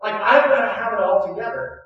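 A man with a high voice preaches an animated sermon, acting out characters and punching lines with shouts. He is picked up from far off in a very echoey hall. The sound is muffled. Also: brisk. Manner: animated, acts out biblical figures with shouted punchlines. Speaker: pastor.

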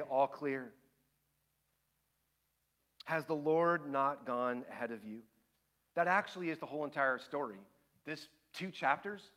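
A middle-aged man preaching a sermon, telling a family story with lively acted-out voices before turning quiet and earnest. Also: on the high side. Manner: animated storytelling, acting out his kids and himself. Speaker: pastor.

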